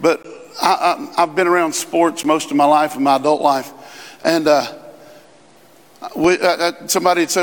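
A man preaching a sermon as pastor, in a conversational style with quick asides and rising emphasis. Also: fairly high pitch, a bit bright. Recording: long reverb in a large hall.

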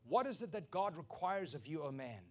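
A man preaching a sermon as pastor, emphatic and repeating key lines, building to loud peaks. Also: a little high, very animated, normal speed.

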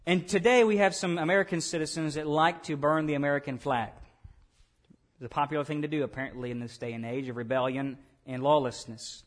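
Earnest preaching man, slightly high voice. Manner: earnest preaching with repeated phrases. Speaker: pastor. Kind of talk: sermon.

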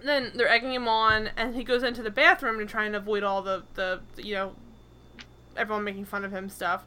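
A woman co-hosting a casual chat, retelling a sitcom episode in an animated, exasperated way. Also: medium pitch, fairly quick, smooth. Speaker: podcast co-host recapping a sitcom.

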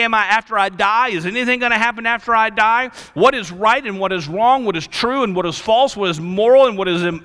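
A male pastor preaching a sermon, swinging between loud emphasis and hushed lines. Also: high-pitched. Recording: long reverb of a large hall.

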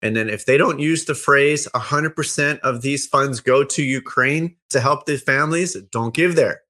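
A man hosting a casual chat, upbeat and chatty, quick to laugh. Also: mid-range voice, sharp tone. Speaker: host.

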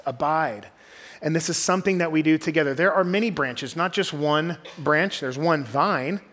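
A young adult man, preaching a sermon as a groups pastor in a conversational storytelling way. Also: on the high side. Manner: conversational storytelling, drops to quiet intensity.

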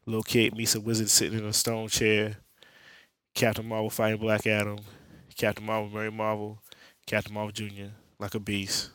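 A man's voice: on the low side, monotone, moderate pace, a bit bright, clear, resonant tone, no echo. A young man hosting a podcast, recapping a comic book story in streetwise slang with jokes and lots of profanity. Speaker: podcast host.

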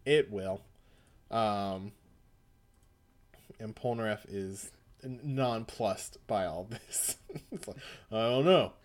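A man's voice: fairly low pitch, slow pace, long pauses. A man co-hosting a podcast, casually recapping a comic, joking and acting out lines. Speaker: podcast co-host.

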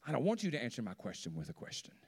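A man preaching a sermon in church, swinging from hushed, quiet lines to loud, soaring rises. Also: mid-range voice, huge pitch swings, very fast, husky. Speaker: pastor. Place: church sanctuary.

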